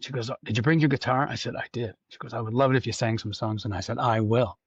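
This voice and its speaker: A man's voice: medium pitch, fast talker, breathy edge, no room sound, lo-fi sound. Canadian man telling a story. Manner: animated anecdote-telling, acting out quoted voices. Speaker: musician guest. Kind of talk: casual storytelling.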